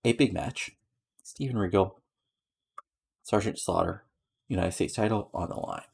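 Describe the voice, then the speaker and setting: A man with a low voice narrates a game session in an easygoing, rambling way. His tone is gravelly and a little husky, and he keeps tossing in fillers as he runs through results and scores. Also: measured pace. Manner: rambling, filler-heavy, lists match ratings. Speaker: game streamer narrating a wrestling booking sim. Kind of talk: casual let's-play narration.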